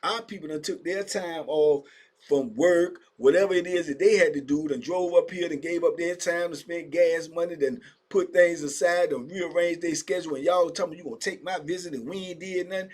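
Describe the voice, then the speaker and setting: Husky-voiced man telling prison stories. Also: a little high, a little fast. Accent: Southern US, Virginia. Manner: animated, acts out voices of inmates and guards, drawling street slang. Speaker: storyteller recounting prison life. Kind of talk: casual storytelling monologue.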